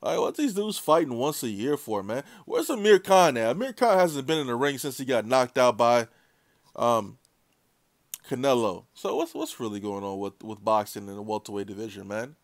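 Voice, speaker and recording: Man, boxing ranter, mid pitch, blunt and profane, dry close sound. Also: big pitch swings, normal speed, no echo. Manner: blunt, profane, heated and sarcastic. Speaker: boxing commentator. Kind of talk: opinionated rant.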